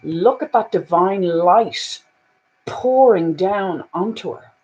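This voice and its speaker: Woman, spiritual card reader, earnest, hushed to emphatic, lots of fillers. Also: on the low side, animated, slow pace, lo-fi sound. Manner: earnest, repetitive "you know" fillers; swings between hushed and emphatic. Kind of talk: oracle card reading.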